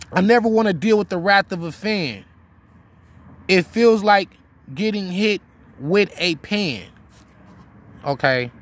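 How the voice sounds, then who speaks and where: A man's voice: high voice, fairly bright tone. A man in his thirties giving a casual lesson on rap rhyme writing, reciting example bars and repeating himself as he explains. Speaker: battle rap writing teacher. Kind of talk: informal instructional talk to camera.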